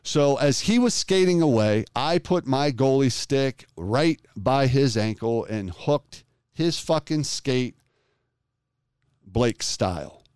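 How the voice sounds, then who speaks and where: Foul-mouthed guy in his 40s telling a story, smooth clear voice, dry close sound. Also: mid-range voice, slow, dry recording. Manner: profane, animated storytelling. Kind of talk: casual storytelling chat.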